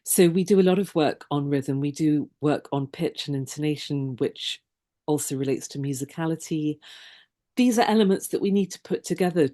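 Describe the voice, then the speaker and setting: Casting: middle-aged woman, podcast host and coach, low voice, measured and articulate. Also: dark tone. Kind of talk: podcast conversation.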